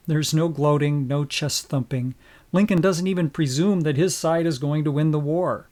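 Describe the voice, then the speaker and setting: A man narrating a scripted lesson in a measured, solemn manner. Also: a little high, a little mellow. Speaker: instructor.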